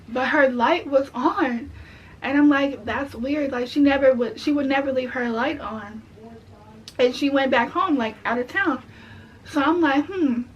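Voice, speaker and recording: Young woman, high voice, casual indignant storyteller, slightly muffled lo-fi audio. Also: husky. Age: young adult. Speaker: vlogger. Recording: dull lo-fi audio.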